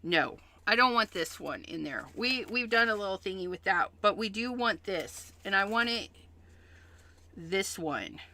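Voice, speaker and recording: A woman's voice: medium pitch, expressive, measured pace, sharp tone. A woman hosting a craft livestream, chatting casually as she explains each step she works on.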